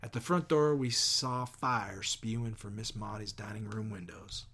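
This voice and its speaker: A man reading a novel aloud as an audiobook, measured, often sinking to near whispers. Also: on the low side, bright, forceful tone, husky. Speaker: audiobook reader. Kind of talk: audiobook narration.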